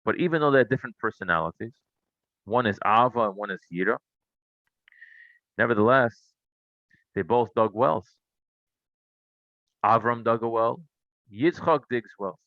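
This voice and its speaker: A man's voice: mid-range voice, moderate pace, pauses often, no echo, phone-quality sound. A man teaching a Torah class, telling stories and asking rhetorical questions. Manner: animated storytelling, asks rhetorical questions.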